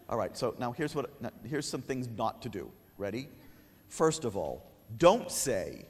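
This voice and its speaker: A man giving a conference lecture, joking with the audience and acting out a kid's replies. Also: medium pitch. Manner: humorous, animated, acts out a kid's lines. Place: conference hall. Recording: long hall reverb.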